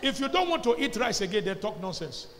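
Preaching in a church hall with a long reverb and faint background noise, a Nigerian-accented pastor calls out to the congregation. His delivery is sing-song and quick, rising to loud shouts and dropping to low asides.

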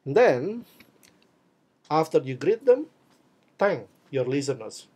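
English teacher, lively demonstrative delivery, warm mellow tone. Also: male voice, a little high, takes it slowly, breathy edge. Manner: energetic, demonstrative delivery of phrases; switches between English and Indonesian explanations. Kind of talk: classroom lesson.

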